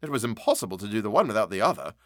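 A man voicing a brisk, sociable male gentleman with a self-deprecating manner. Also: on the low side, big pitch swings, dry recording, studio quality.

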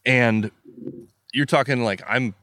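Speaking slowly at a medium pitch, a podcast guest from the US Midwest relives a story in vivid, emphatic detail and acts out what was going through his head. The tone is a little bright, and the studio recording is clean with no room sound.

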